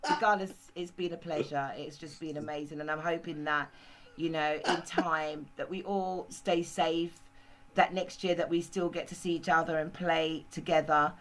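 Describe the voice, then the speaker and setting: A woman's voice: deep voice, steady tone, normal speed, a little hiss or hum, low-quality recording. A woman hosting a casual group chat, rambling and laughing easily. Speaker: host.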